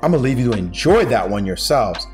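Man, chess teacher, animated, slangy, exclamatory, swooping pitch. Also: fast talker, soft background music.

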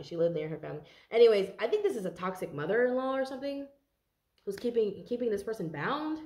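A woman's voice: fairly high pitch, animated, fast, darkish tone, roomy sound. A tired woman doing a casual tarot reading for viewers, chatty and rambling and swearing freely. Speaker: tarot card reader.

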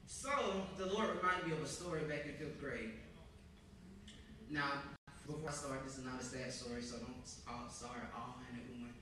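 A young man preaching in a large, echoing chapel. His voice sits high and bright and is picked up from some distance off, with faint room noise behind it. He tells his story with animated energy and builds to emphatic preaching. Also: normal speed. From Georgia, US. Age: young adult. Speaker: ministry student preaching. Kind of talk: sermon. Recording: echoey hall heard from a distance.

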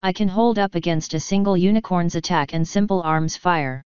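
A woman's voice: fairly low pitch, normal speed, a little mellow, clean tone, no echo, natural voice. A woman voicing a proud, commanding female pony sorceress with haughty, formal speech, in a slightly dull, dry recording. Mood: imperious.

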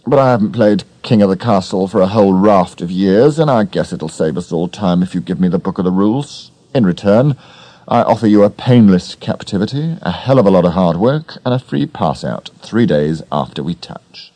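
A man's voice: deep voice, expressive, mellow, dry recording, voice pushed up. A man voicing a grim, flabby villain. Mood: bargaining. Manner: slow, deliberate, menacing. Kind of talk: audiobook character reading.

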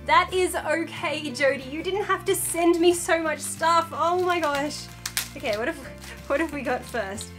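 Young woman, bright high voice, giddy unboxing vlogger, soft music under. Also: unhurried. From Australia. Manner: gushing, squealy excitement. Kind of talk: excited casual unboxing chat. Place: home room with a dog nearby.

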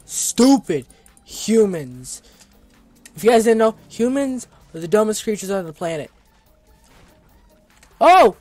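A man doing let's play commentary, excitable and often yelling at the game. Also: sits high, fast talker, hardly any pauses, soft background music. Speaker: gaming video creator.

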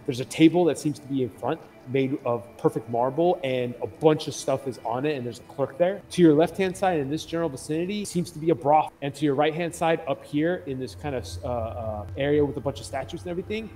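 A man's voice: fairly high pitch, quick pace, hardly any pauses, dark tone. A man narrating as game master, describing scenes in a rambling way full of restarts and fillers.

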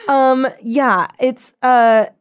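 A woman co-hosting a podcast in casual chat, animated and rambling, laughing and driving her points home. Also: sits high, extremely slow, clean tone. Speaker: podcast co-host.

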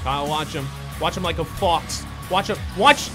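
A young man doing live commentary on a basketball video game, muttering to himself one moment and shouting curses the next. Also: fairly high pitch, moderate pace, over loud music. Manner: swings from muttered self-coaching to shouted profane outbursts. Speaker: gaming YouTuber.

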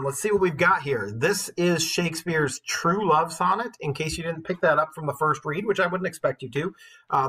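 A husky-voiced male teacher talks through a poetry lesson in a loose, casual way, full of ums and uhs. His pitch sits at an ordinary middle level for a man. He explains as though speaking to a class of students. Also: a bit bright. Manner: casual, filler-heavy explaining. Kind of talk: classroom lecture with poem reading.

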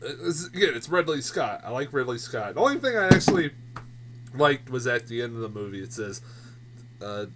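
A man rants about movies in a loose, casual way, cursing freely and breaking into disbelieving laughs. His pitch swings widely as he gets worked up. His voice sits at a middling pitch for a man. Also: very animated, normal speed, heavy background noise. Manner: profane, exasperated, laughs in disbelief. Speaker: film reviewer. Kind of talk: casual ranting review.

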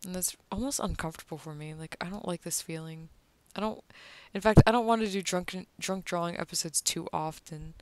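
A woman's voice: fairly low pitch, brisk, hardly any pauses, a little mellow, dry recording. A drunk woman rambling casually as she draws, her speech slurring, often cursing and trailing off into murmurs. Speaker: artist vlogger drawing on camera. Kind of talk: rambling casual commentary while drawing.

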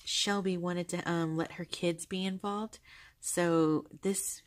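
A woman vlogger chatting casually as she shows a journal, gushing and soft-spoken, with fillers and small laughs. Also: on the low side, fairly even intonation, slow pace. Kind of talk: casual chat. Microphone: handheld camera held close.

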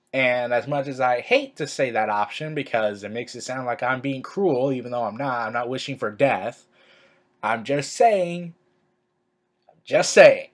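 A man ranting sarcastically to camera in a vlog, crude and full of stammered restarts. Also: medium pitch. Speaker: wrestling commentary vlogger. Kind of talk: opinion rant to camera.

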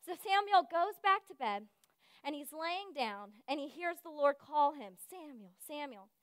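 A woman giving a sermon, telling a lively personal story and acting out the voices of the people in it. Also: sits high, measured pace, no room sound, clean studio sound. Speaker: speaker at a church service.

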